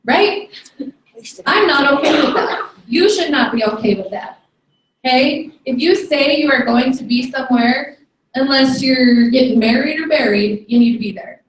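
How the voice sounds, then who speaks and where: A woman leads a training session for her sales team, firm and a little scolding as she keeps checking with the room. Her voice sits fairly high. It is picked up from a distance, with the echo of a roomy meeting hall. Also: moderate pace. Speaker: sales team leader giving a training talk. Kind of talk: motivational training talk to a live room. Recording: echoey room, recorded from afar.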